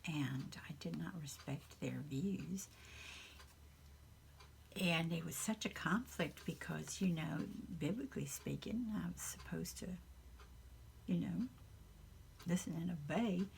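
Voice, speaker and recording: A woman from the Southern United States with a Southern accent, chatting casually in a soft, half-whispered, rambling and earnest way in her home craft room. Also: fairly low pitch, vocal fry, slight background noise. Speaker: craft channel host. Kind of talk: casual chat.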